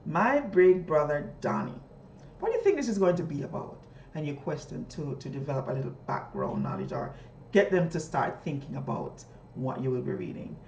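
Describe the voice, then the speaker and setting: A woman teacher explaining a reading lesson, often jumping high in pitch as she models questions to students. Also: very animated, fairly quick, warm tone, dull audio, a little hiss or hum. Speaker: teacher trainer. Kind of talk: instructional talk modeling a classroom lesson. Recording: echoey room.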